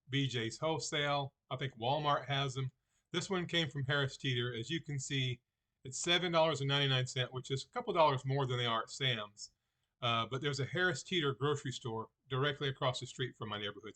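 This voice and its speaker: Guy with an average-pitched voice doing a chatty cooking vlog in his kitchen, folksy, munches as he talks. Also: a bit bright. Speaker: diet vlogger. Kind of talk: casual how-to vlog with cooking. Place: home kitchen at the stove.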